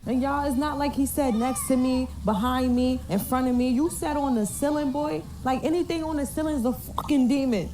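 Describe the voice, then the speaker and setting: A woman casually telling a story to camera in a profane, slangy, animated way, recorded on a distant phone mic. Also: high voice, a little fast, few pauses.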